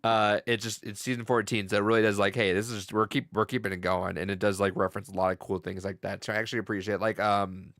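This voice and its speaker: A man's voice: lowish voice, level tone, fairly bright tone, dry recording, clean studio sound. A young man co-hosting a casual talk show, rambling, laughing often and swearing as he retells scenes. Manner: loose, laughing, swearing, quick impressions. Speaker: podcast co-host. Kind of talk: casual chat.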